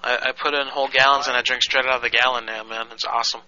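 A man's voice: mid-range voice, level tone, very fast, pushed and bright, muffled recording. A man hosting a live web call-in show, chatting casually and rambling with fillers and restarts. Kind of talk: casual chat.

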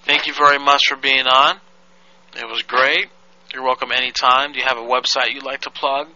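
A man's voice: medium pitch, level tone, moderate pace, pushed and bright, no echo, highs cut off. A man hosting a live web call-in show, chatting casually and rambling with fillers and restarts. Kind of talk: casual chat.

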